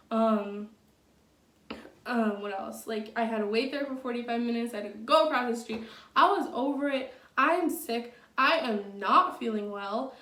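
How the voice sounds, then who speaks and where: Young woman vlogger, storytime vibes, kinda high voice, swears a lot, roomy echo, mic a bit far. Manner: chatty, many fillers, blunt and profane. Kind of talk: casual storytime. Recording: echoey room, from off the mic.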